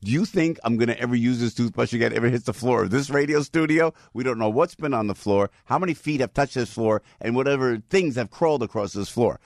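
A man's voice: mid-range voice, fast talker, hardly any pauses, no room sound. A man with a North Jersey accent hosting morning talk radio in a studio, theatrical and salesy. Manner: animated, theatrical, plugs products. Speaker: radio talk show host.

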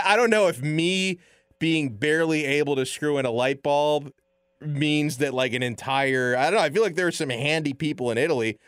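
A man's voice: a little high, dry recording. Chatty male sports radio host. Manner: animated, filler-heavy, chuckling. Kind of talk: casual sports talk commentary.

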